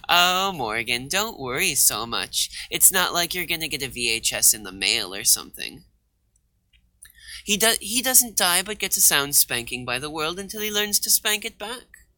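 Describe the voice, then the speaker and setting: A man's voice: a little high, measured pace, dry recording. A man hosting a let's play, reading the game's dialogue aloud and joking around in between. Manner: lively, joking, bright.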